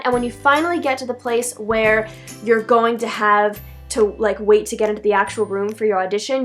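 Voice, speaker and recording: A teenage girl speaks in a fairly high voice, casual and rambling, correcting herself as she goes. Faint music plays softly behind her advice vlog. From Philadelphia area, USA. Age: teens. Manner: chatty, rambling, frequent "like" and self-corrections. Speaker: vlogger.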